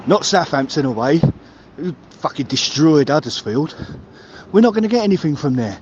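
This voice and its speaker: A man's voice: expressive, normal speed. A man leaves a furious voicemail and swears his way through a rant that keeps climbing in heat. His voice comes through a muffled line, with faint traffic noise behind him. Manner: heated, swearing, builds to shouting pitch. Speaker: caller leaving a voicemail. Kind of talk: angry football fan rant.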